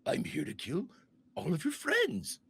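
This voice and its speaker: A man voicing a sinister, mock-friendly clown creature in a tabletop game, with a creepy sing-song delivery that swings from shrill to hushed. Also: huge pitch swings, measured pace, vocal fry, a little hiss or hum, full character voice. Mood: shrill mock-cheer.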